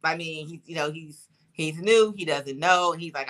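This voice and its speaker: A woman co-hosting a casual chat podcast, relaxed and talkative with lots of fillers. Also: low-pitched, normal speed. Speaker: podcast co-host.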